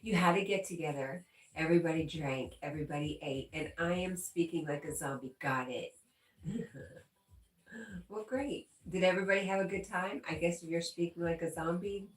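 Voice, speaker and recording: A chatty, giggly woman with a lowish voice hosts a casual livestream and talks back to her viewers. She sits some way from the mic, and the room adds a noticeable echo. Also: moderate pace. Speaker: livestream host reading viewer chat. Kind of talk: casual live chat. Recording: roomy echo, distant from the mic.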